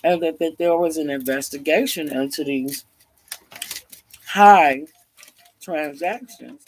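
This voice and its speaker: A man's voice: on the high side, slow pace, slight background noise. A man casually telling a story, acting out the voices of the people in it. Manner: animated, acts out each character's lines.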